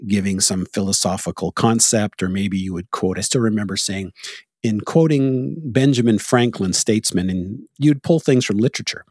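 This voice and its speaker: A Canadian man with a husky, fairly low voice chats casually as a podcast host. He talks animatedly, tells anecdotes and breaks into laughter often. The sound is dry and close, with no room echo. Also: darkish tone. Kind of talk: casual conversation.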